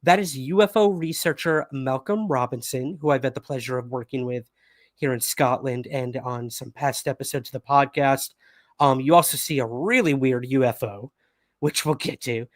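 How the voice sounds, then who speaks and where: Guy hosting a livestream news chat, loose and chatty, mid pitch, dry close sound. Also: moderate pace, no room sound. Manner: casual, chatty, with fillers and laughs. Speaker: podcast host.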